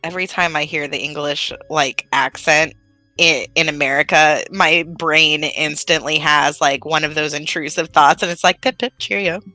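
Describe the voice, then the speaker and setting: A woman chatting as a player in a tabletop game, animated and quick to laugh. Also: sits low. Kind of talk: casual tabletop chat.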